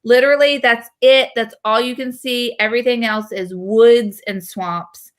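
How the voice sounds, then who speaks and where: A woman in her thirties from North Carolina, hosting and telling a story in casual chat, animated and full of fillers. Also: fairly high pitch, a little slow. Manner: animated, chatty, with frequent fillers. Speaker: host.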